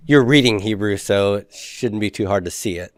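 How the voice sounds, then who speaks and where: A man's voice: lowish voice, moderate pace, no room sound, studio quality. A man teaching a Hebrew grammar class, patiently asking students questions and confirming their answers.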